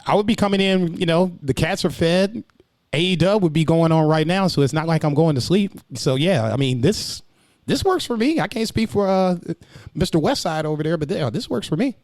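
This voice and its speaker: A man's voice: on the high side, lively intonation, fairly quick, darkish tone, no room sound. A man co-hosting a casual wrestling podcast, talking in a loose, profane way and slipping into a mock-preacher tone. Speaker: podcast co-host.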